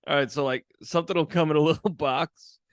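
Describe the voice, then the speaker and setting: A man's voice: a little high, steady tone, brisk, smooth, no room sound. Laid-back man, dry close sound. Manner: laid-back, swears a lot, laughs often. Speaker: teacher, podcast co-host. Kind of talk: casual chat.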